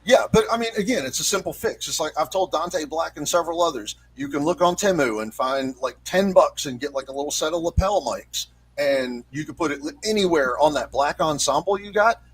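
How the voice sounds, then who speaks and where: A man's voice: a little high, expressive, fairly quick, hardly any pauses, slightly rough, rough recording. A man in a casual podcast chat, explaining his opinions at length and swearing now and then.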